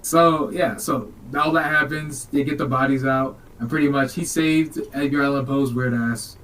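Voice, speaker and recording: A man's voice: medium pitch, fairly even intonation, moderate pace, fairly bright tone, distant mic, low-quality recording. A man co-hosting a podcast, recapping a film in a rambling, jokey, casual way. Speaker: podcast co-host.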